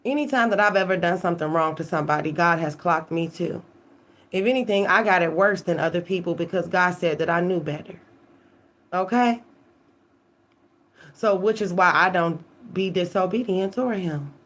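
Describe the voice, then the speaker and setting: A woman's voice: on the low side, normal speed, a bit bright. A woman tarot reader giving an emphatic, profane live-stream monologue, often checking in with "okay?".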